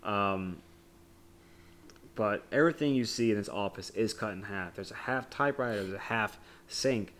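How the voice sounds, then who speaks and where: A man's voice: lowish voice, normal speed, a bit bright, a little hiss or hum. A man co-hosting a podcast, discussing a movie in a rambling, casual way with many fillers. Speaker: podcast co-host.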